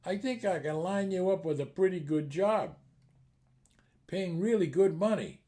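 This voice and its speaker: A man's voice: high-pitched, animated, unhurried, dark tone. A man voicing a flustered, middle-aged Irish male publican who talks eagerly and sounds surprised.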